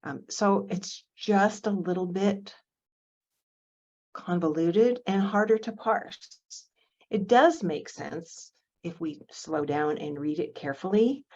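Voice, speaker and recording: A woman teaching an online writing workshop, explaining step by step in a measured way with some fillers, over a video call. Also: fairly low pitch, darkish tone, lo-fi sound.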